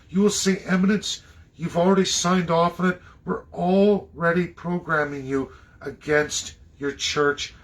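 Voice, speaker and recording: A man from Canada delivering an impassioned, preachy monologue, swinging between loud outbursts and low muttering. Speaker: political commentator.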